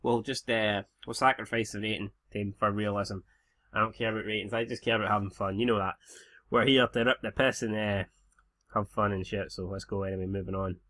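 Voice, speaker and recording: A man's voice: on the low side, little pitch movement, fairly quick, fairly bright tone. A man in his twenties with a Scottish accent, giving casual let's-play commentary full of sweary, laid-back banter. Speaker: game commentator.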